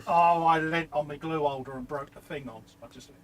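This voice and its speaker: A man's voice: a little high, steady tone. A British man co-hosting a live model-making stream, chatting easily and joking at his own expense. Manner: easygoing, self-mocking, quick to agree. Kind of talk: casual chat while working on models.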